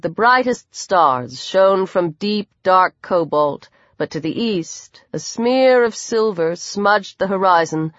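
A woman narrating an audiobook in a measured, steady read. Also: mid-range voice, no echo. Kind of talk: scripted narration. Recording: dry, dull lo-fi recording.

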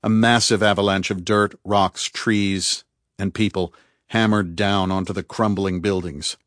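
Male audiobook narrator, low voice, measured and grave, dry close sound. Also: steady tone, a bit bright, no room sound. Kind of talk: scripted narration.

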